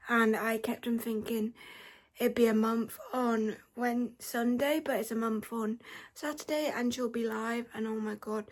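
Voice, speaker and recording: Croaky, high-voiced woman vlogging. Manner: rambling and chatty, with emotional swings. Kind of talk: casual chat. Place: her bedroom.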